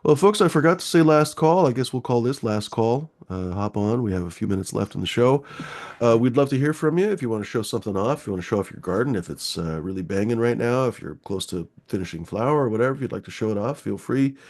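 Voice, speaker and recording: A man's voice: mid-range voice, expressive, fast, darkish tone. A man hosting a live-stream show, talking in a rambling, easygoing way with a lot of swearing. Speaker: host. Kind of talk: casual live-stream chat.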